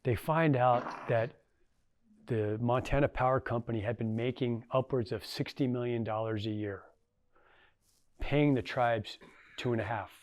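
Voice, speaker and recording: A man's voice: mid-range voice, a little mellow, no echo. A middle-aged man, a former tribal council member, giving a casual storytelling talk to an audience, folksy and anecdotal with lots of fillers.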